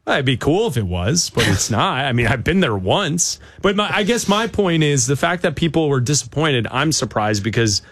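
Male radio host, casual opinionated chat, lively pitch, dry studio sound. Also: moderate pace, hardly any pauses, no room sound. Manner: hesitant, opinionated, with many fillers.

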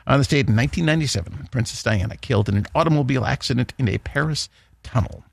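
A man's voice: medium pitch, rapid-fire, creaky, no room sound. A man hosting a morning show in a loose, chatty way, full of fillers and little laughs. His voice sits in an ordinary middle range. The studio sound is dry and close. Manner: rambling, chuckling, lots of fillers. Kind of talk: casual chat radio show.

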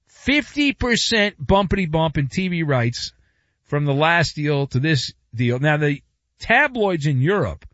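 A man's voice: on the high side, fairly bright tone, no room sound, lo-fi sound. A man hosting a sports talk show, delivering a sarcastic, wisecracking monologue. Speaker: sports radio host.

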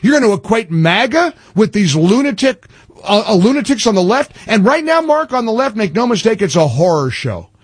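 Talk radio host, male, emphatic, husky higher voice, dry studio sound. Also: fairly quick, dry recording. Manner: animated, emphatic, frequent restarts. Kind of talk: political talk radio chat.

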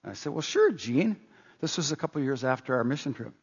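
A man's voice: mid-range voice, sing-song, quick pace, gravelly, slightly rough. A man preaching a sermon as pastor, earnest and full of rhetorical questions, in a church. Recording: dull lo-fi sound with long hall reverb.

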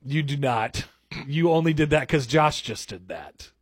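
A man's voice: a little high, expressive, husky. A man co-hosting a radio show, trading casual teasing banter with his co-hosts. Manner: teasing, quick to rib co-hosts. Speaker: radio co-host.

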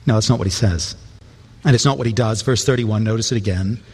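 A man's voice: fairly low pitch, quick pace, a little mellow, breathy edge. A man preaching a sermon in an earnest way, often repeating a word as he restarts. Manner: earnest, with stumbling repeated words. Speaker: pastor. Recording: long reverb of a large hall.

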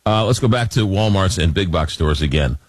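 A man hosting a radio interview, asking questions in a lively, animated way. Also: deep voice, a little fast, no room sound. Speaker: radio host.

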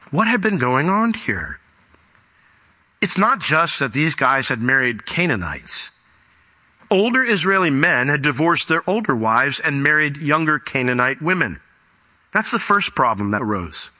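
A male pastor delivers an expository sermon in a very bright, forceful voice pitched a little high. He reads scripture aloud and breaks off to explain each passage to the congregation. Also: very animated, moderate pace. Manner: expository preaching with scripture reading and asides.

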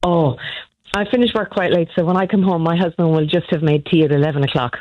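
A woman with a Southern Irish accent who calls in to a radio show, chatty and quick to laugh. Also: lowish voice, fairly even intonation, no room sound, lo-fi sound. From Ireland. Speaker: caller. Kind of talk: casual phone-in chat.

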